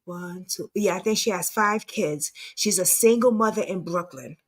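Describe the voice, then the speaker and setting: A woman's voice: fairly low pitch, normal speed. A woman hosting a commentary channel, chatting casually while reacting to clips.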